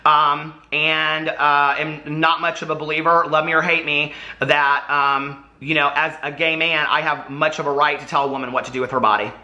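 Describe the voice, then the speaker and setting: Man with a very bright, sharp voice. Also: fairly high pitch, little pitch movement, dull audio. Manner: halting and earnest, with many fillers. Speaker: vlogger explaining old posts. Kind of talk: apology video monologue.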